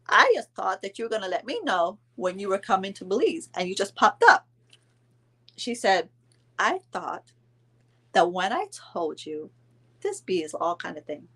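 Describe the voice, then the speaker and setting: Middle-aged woman, casual storytime vlogger, lively pitch swings, indignant and chatty. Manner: animated, indignant retelling with quoted dialogue and mild cursing.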